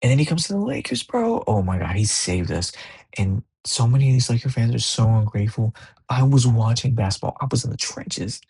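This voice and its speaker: A young man hosting a casual podcast, telling sports stories in a loose, profane, animated way. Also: mid-range voice, brisk, breathy edge. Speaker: podcast host. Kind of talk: casual monologue.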